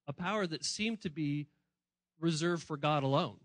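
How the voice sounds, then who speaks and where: A man preaching a sermon as pastor, speaking in a conversational way, acting out voices of the people he quotes and swinging between hushed and emphatic delivery. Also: a little high, normal speed, no echo, rough recording.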